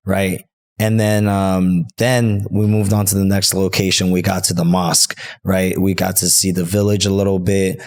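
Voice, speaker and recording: A man telling a story as a podcast guest in casual chat, rambling and animated, filling his talk with "like" and "you know" and swearing freely. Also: deep voice, gravelly, husky.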